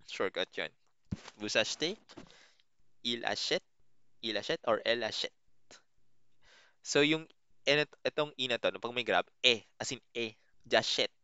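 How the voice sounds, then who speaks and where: A Filipino-accented man talks through a lesson, thinking aloud and repeating himself as he goes. His voice is bright and crisp. The recording is dry and a little dull. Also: mid-range voice, no echo. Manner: thinks aloud, repeats words, restarts phrases. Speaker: language teacher. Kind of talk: casual explanatory lesson, mixing Filipino and English.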